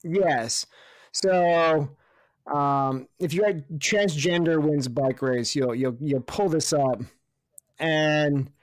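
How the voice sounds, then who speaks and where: Man, somewhat high voice, casual sports chat, jokey, laughs a lot, dry close sound. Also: dry recording. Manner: jokey, laughs often, swears. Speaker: podcast co-host.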